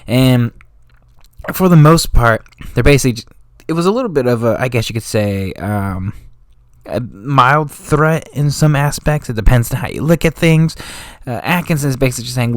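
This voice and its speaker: A man's voice: mid-range voice, lively intonation, fairly quick, dry recording, studio quality. A man casually explaining history as a channel host, in a slangy, rambling way with frequent self-corrections. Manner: slangy and offhand, drifting into street talk.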